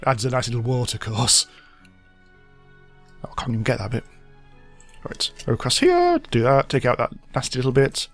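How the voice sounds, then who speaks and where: A man's voice: mid-range voice, huge pitch swings, normal speed, long pauses, faint music behind. A man hosting a let's play, giving rambling, self-mocking commentary as he thinks aloud. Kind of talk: casual gameplay commentary.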